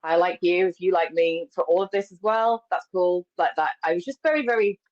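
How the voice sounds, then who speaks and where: Woman, low-pitched, open and animated, lo-fi audio. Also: a little fast. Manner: open, animated, frequent self-corrections and laughs. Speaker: guest, embodiment coach. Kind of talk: candid conversational storytelling. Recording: slightly dull, lo-fi audio.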